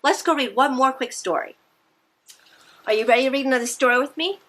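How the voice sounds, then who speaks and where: A woman reading picture books aloud to young children, animated and encouraging, often asking her listeners questions. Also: sits high, fairly quick. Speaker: children's storytime presenter.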